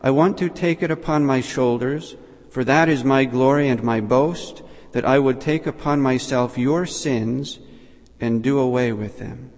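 A holy infant answers gently and calmly, voiced by a man reading a story. The voice stays plain and mid-pitched, not made childlike. Long hall reverb hangs after each phrase. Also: a little slow, close to an everyday voice. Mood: gentle.

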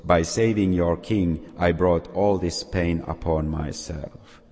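A man's voice: low-pitched, steady tone, slow, darkish tone. A man voicing a kind, humble poor man in a folk tale, speaking patiently and modestly. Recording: long reverb.

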